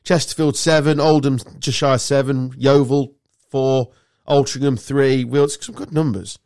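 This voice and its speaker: A man's voice: medium pitch, flat delivery, a little slow, darkish tone, dry recording, clean studio sound. A man from England hosting a casual football chat podcast, joking and bantering with friends. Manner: joking, banter-filled, sweary. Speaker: podcast host.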